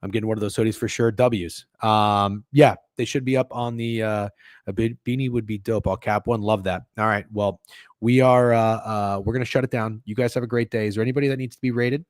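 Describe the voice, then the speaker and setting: A man's voice: on the low side, steady tone, brisk, no echo, clean studio sound. A man hosting a sports betting livestream, chatting loosely and profanely with his viewers. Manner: loose and profane, joking with chat. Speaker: sports betting stream host. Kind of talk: casual livestream chat.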